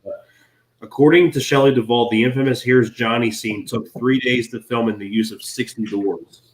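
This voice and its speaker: A man's voice: mid-range voice, steady tone, fairly quick, rough recording. A man on a casual movie podcast, plainly reading out film trivia.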